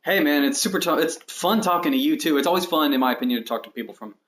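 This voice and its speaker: A man's voice: a little high, fast talker, background noise. Rambling streamer man, clicks behind. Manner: rambling, self-deprecating, thinking aloud while counting blocks. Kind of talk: casual livestream chat while building in a game. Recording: steady mouse and keyboard clicks behind.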